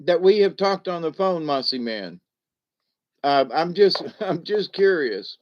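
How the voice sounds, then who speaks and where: A man in his seventies with a slightly raised pitch talks in a slow, unhurried drawl. He chuckles often and rambles with restarts, hosting a casual livestream. The sound is dull and lo-fi. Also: sing-song. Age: 70s. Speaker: livestream host reading chat.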